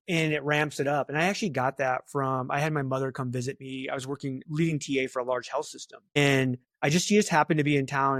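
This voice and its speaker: A middle-aged man speaking as a guest in a casual interview, chatty and animated, full of fillers and asides. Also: medium pitch, dry recording, clean studio sound. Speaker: talent acquisition leader, guest.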